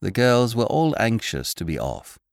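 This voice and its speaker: A man narrating a classic short story as an audiobook host, in a measured, expressive storytelling manner. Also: on the low side, vocal fry, dry recording, studio quality. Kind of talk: scripted narration.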